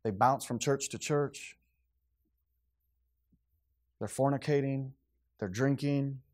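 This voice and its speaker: A male pastor preaching in a loose, conversational way. He swings between raised, punchy lines and quiet, earnest ones, often slipping into acted-out quotes. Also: medium pitch, slow pace. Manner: conversational, animated, acts out quotes. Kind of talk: sermon.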